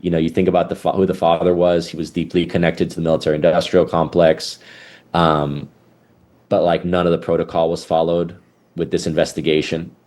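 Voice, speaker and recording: A man's voice: low-pitched, level tone, brisk, darkish tone. A man who is a guest on a podcast, talking earnestly in casual chat with many hesitations. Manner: earnest, hesitant, restarts often.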